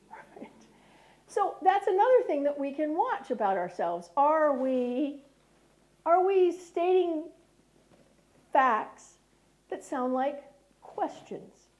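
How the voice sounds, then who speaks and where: Lively high-voiced American woman lecturing. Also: slow, long pauses. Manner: lively, checks in with "right?" often. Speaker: speaker. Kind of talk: lecture talk.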